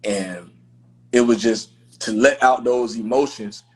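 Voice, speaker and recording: A man's voice: mid-range voice, unhurried, a little mellow, husky. A man hosting a podcast in casual conversation, talking in an emphatic, heartfelt way with lots of slangy fillers. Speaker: podcast host.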